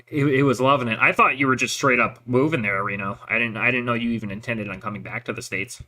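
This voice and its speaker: Bright-voiced man, profane rambling chat. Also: mid-range voice, fast talker. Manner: profane, rambling, laughs at own stories. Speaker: veteran chatting with a listener. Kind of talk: casual chat.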